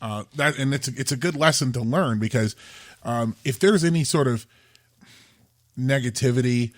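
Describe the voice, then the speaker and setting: A man's voice: medium pitch, normal speed, no echo, clean studio sound. A man co-hosting a faith podcast, talking earnestly and casually, often repeating words as he restarts. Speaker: podcast co-host.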